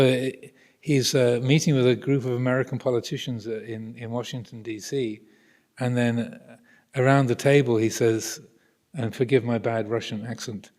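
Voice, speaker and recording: Man, Buddhist teacher, mid-pitch, halting thoughtful delivery, long reverb of a monastery hall. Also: darkish tone. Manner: thoughtful, hesitant, many restarts. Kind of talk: Dharma talk to visitors.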